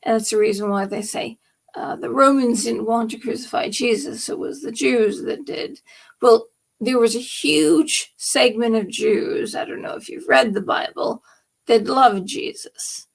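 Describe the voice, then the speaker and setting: A woman with a gravelly, fry-laden voice, pitched a little high, delivers a rambling late-night monologue on her live stream. She talks slowly and with emphasis, now and then sinking into a hushed whisper. It sounds like a solo host speaking straight to her viewers.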